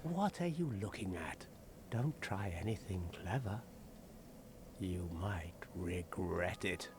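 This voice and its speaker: An actor playing a gloomy, sardonic undead warrior in a video game, with a depressing monotone delivery that is cynical and world-weary. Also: male voice, sits low, takes it slowly. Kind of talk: video game character dialogue. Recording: game audio with steady background noise.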